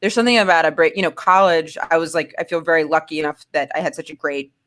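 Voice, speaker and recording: A woman's voice: sits low, quick pace, fairly bright tone. Woman from maine in her 30s just rambling thru a story, lots of likes and restarts. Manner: candid, rambling with many fillers and restarts. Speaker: guest. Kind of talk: casual chat, personal storytelling.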